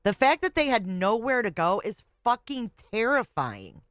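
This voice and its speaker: A woman's voice: a little high, big pitch swings, moderate pace, a bit bright, no room sound, clean studio sound. A woman reacting to a clip with blunt, sarcastic commentary and frequent swearing. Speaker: reaction video host. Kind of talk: snarky commentary.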